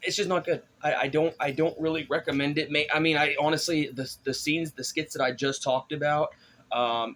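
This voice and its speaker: A man's voice: mid-range voice, a bit bright, slight background noise. A man giving a casual spoken movie review, rambling with many fillers and restarts.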